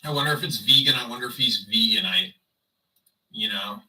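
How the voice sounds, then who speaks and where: A man's voice: fairly low pitch, moderate pace, pushed and bright, distant mic, poor audio. A man livestreaming in casual chat, rambling and sarcastic as he talks to his viewers.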